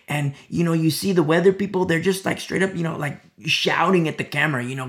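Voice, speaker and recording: A man preaching a verse-by-verse sermon, repeating phrases with urgent appeals and dropping to soft whispers at times. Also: fairly high pitch, fast, hardly any pauses. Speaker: preacher teaching a Bible study.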